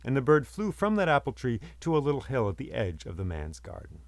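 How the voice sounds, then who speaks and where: A man's voice: mid-range voice, animated, brisk, few pauses, a bit bright, no room sound, studio quality. A man telling a myth aloud as a storyteller, with rhythmic, repeating phrases. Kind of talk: oral storytelling of myths.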